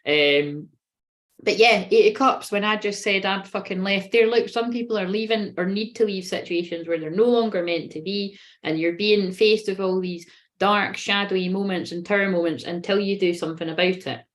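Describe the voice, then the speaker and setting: A woman's voice: mid-range voice, normal speed. A woman running a casual live tarot reading. She talks in a rambling, sweary way and often breaks into giggles. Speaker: tarot reader.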